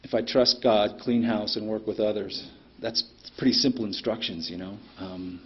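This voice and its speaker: Husky middle-aged man sharing at a meeting. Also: on the low side, fairly even intonation, moderate pace. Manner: plainspoken, frequent ums, blunt cursing. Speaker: speaker at a recovery meeting. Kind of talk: personal recovery share. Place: meeting room. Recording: dull lo-fi meeting recording.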